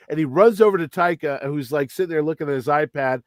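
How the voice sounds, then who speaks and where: Male co-host, slightly high, dry close sound, anecdotal. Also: fast talker, no room sound. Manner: storytelling, acts out quotes. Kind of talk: casual chat.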